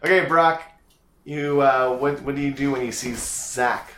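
A man running a tabletop game as dungeon master, narrating in a relaxed, rambling way. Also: medium pitch, a little slow, slight background noise. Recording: roomy echo.

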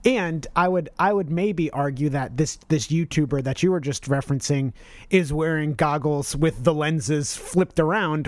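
A man's voice: on the high side, moderate pace, dry recording. A man co-hosting a podcast in casual chat, rambling with many restarts and self-corrections. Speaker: podcast co-host.

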